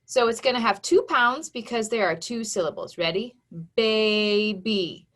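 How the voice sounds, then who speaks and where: A woman's voice: fairly high pitch, expressive, a little fast, fairly bright tone. A woman phonics teacher giving a patient online lesson to young children, sounding out syllables and letters step by step. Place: home.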